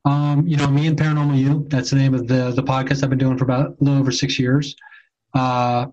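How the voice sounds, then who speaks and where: A man guesting on a podcast, talking offhandedly with rushed asides, over muffled lo-fi audio. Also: mid-range voice, flat delivery, darkish tone. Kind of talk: casual podcast interview.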